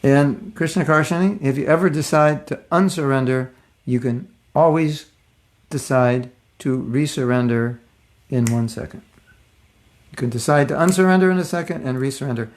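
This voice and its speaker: An older man teaching a relaxed spiritual class, telling stories and acting out the voices of people in them. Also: mid-range voice, normal speed. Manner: conversational storytelling, acts out voices of people in his stories. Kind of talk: casual devotional lecture.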